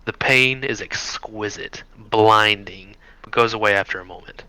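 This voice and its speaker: A man's voice: lowish voice, moderate pace, bright, forceful tone, smooth, dry recording, rough recording. A man narrating a tabletop role-playing game as game master, with frequent hesitations. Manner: hesitant with many ums.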